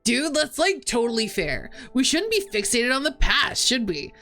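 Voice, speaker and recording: A woman's voice: fairly high pitch, big pitch swings, moderate pace, bright, forceful tone, heavily acted. Laid-back surfer-dude fox, drawling and bouncy, voiced by a woman, faint music behind. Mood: breezy. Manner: drawling, full of likes and dudes.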